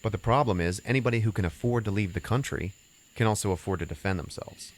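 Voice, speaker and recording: Deep-voiced man rambling through a movie recap. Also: fast, a little hiss or hum. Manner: rambling, lots of "you know" and "uh", casual swearing. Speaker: podcast host.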